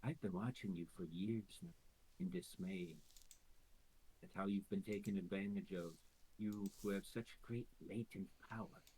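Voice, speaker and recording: A man's voice: sits low, measured pace, a little hiss or hum, rough recording. Man playing a tiny coaxing female demon. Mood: insinuating. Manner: soft, coaxing, insinuating. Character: tiny scheming female demon, silky and manipulative.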